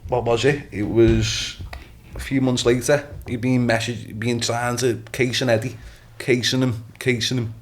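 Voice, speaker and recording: A man's voice: mid-range voice, unhurried. A young man, a boxer as guest on a podcast, telling stories animatedly and often asking "you know what I mean". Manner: animated storytelling, acts out quotes, swears, repeats "you know what I mean". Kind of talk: casual podcast chat.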